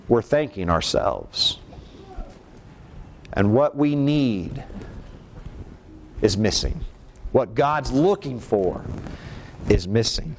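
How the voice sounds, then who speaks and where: A man preaching a sermon, emphatic, shifting between quiet low passages and raised lines and asking the congregation rhetorical questions. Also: a little hiss or hum.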